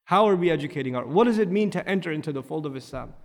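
Animated male preacher in a reverberant hall. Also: fairly high pitch, racing. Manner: animated, rhetorical questions, rising to emphatic peaks. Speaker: Islamic preacher. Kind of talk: sermon.

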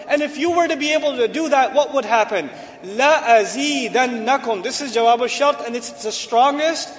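A man with a strikingly high voice delivers an emphatic sermon, repeating key phrases to drive them home. His words ring out with a long reverb, as in a large hall. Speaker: Islamic preacher. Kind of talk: sermon explaining Quranic Arabic. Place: hall with a seated audience.

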